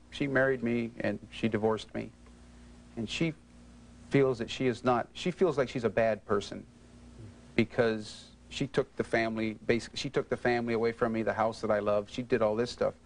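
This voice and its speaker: A man talks through his divorce in a counseling session, stammering and restarting often. His voice sits in an ordinary middle register, and a held-back anger runs through his halting words. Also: mid-range voice, fairly even intonation, slight background noise, poor audio. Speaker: client in a counseling interview. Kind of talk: halting emotional disclosure.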